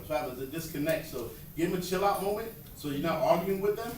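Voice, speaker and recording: A man giving a lively talk to educators about students with ADHD, acting out what kids say, recorded from far off in an echoey, noisy room. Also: a little high. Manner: fast, animated, acts out quotes. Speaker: speaker at a workshop on students with ADHD.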